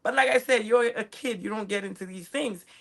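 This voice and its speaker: A woman in her forties, a guest chef, telling her life story in a casual, animated interview. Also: a little high, brisk, vocal fry. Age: 40s. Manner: animated, acts out family quotes.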